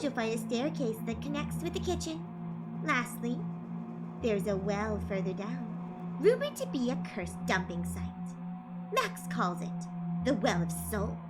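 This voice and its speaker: A woman reading out a cryptic, cruel female character from a video game, slow and threatening. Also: on the high side. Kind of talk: reading game dialogue aloud.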